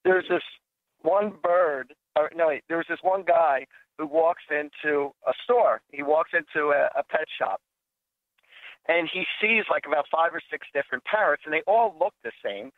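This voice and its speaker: Guy hosting a psychic radio show, rambling jokes, kinda high voice, tinny dry sound. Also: normal speed, no echo. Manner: chatty, jokey, rambling. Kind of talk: casual radio chat and joke telling.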